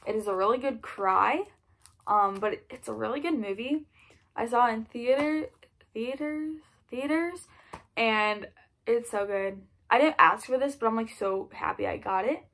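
A woman vlogging a casual gift haul in a chatty, gushing, excited way. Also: fairly high pitch, normal speed, vocal fry.

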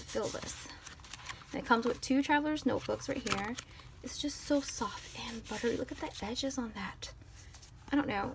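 A woman's voice: a little high, heavy background noise. A woman chatting to her viewers as she unboxes planner supplies, gushing over each item as she handles it. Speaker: planner vlogger. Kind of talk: casual unboxing haul.

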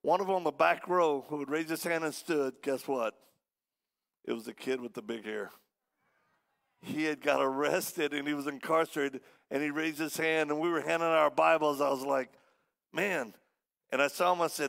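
A man preaching as a guest, telling a story in a lively way and acting out the voices of the people in it. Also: mid-range voice, moderate pace, gravelly. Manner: animated, acts out quoted voices. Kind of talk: storytelling sermon.

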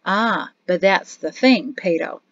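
A woman's voice: fairly low pitch, slow pace, fairly bright tone, dry recording, full character voice. Weary rueful father, read by a woman. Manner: sad, grumbling tone. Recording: dry, slightly dull studio audio.

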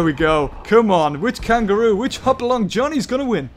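A man giving excited play-by-play commentary on a mobile game battle. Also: sits high, normal speed, few pauses, soft background music. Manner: enthusiastic, play-by-play like a sportscaster. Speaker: gaming YouTuber.

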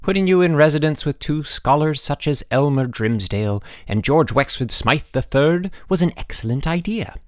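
A man's voice: fairly high pitch, expressive, dry recording, studio quality, pitched above the performer's own voice, lightly acted. A man voicing a dignified, formal middle-aged headmaster in an audiobook. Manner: formal, measured, pleased.

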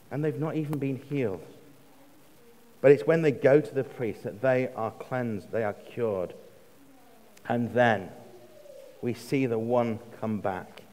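A man with an English accent preaching a sermon in a measured way, slowing for emphasis and dropping to a hush on quoted words. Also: mid-range voice. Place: church. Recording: long reverb of a church hall.

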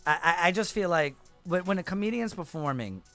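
Brief: male comedian, casual podcast guest, fast and animated, slightly raised pitch. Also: faint music behind. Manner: animated, emphatic storytelling with lots of filler. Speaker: comedian and show host.

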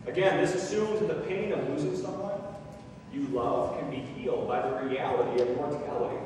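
Pastor preaching to his congregation, lively and questioning; higher male voice, heard far off in a reverberant sanctuary with faint ambience. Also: a little hiss or hum. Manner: animated, mimics dismissive comforters, asks the congregation questions. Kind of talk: sermon. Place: church sanctuary. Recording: echoey church hall from far off.

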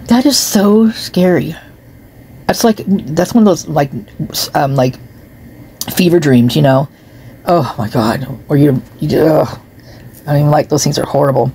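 A woman's voice: low voice, normal speed, mellow, slight background noise. Chatty woman reading comments into her phone. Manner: chatty, reacts with disgust and laughs, talks to her cat. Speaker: true crime commentator. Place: home, seated in a chair.

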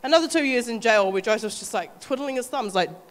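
A woman with a New Zealand accent preaching a sermon, animated and often acting out quoted voices with light laughter. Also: a little high, fairly quick, hardly any pauses, long reverb tail.

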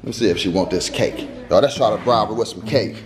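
A man's voice: lowish voice, fast talker, music in the background. Playful young man coaxing a baby. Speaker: vlogger parent. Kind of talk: casual family vlog. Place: family home.

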